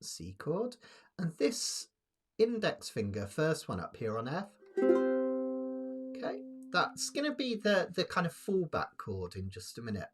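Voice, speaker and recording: A man's voice: fairly high pitch, huge pitch swings, a little slow, pauses often, music in the background. A man teaching a live-streamed ukulele lesson, patient and encouraging, counting beats aloud as he explains chords. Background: ukulele playing.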